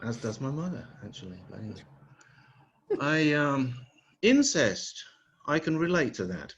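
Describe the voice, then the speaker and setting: Crude deadpan Scottish comic on a call. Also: male voice, medium pitch, moderate pace, slightly rough. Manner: crude, swearing punchlines. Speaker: stand-up comedian. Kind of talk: deadpan one-liner stand-up. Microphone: video call. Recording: dull lo-fi video call audio.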